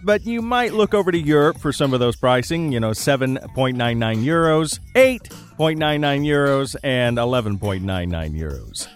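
A man hosting a daily tech news show, delivering the news with jokes and playful asides. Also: mid-range voice. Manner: jokey, animated, playful asides. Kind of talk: comedic tech news roundup.

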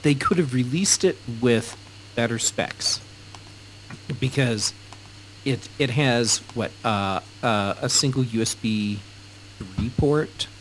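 A man's voice: mid-range voice, slow pace, slight background noise, poor audio. A man in a casual tech chat making wry, critical remarks.

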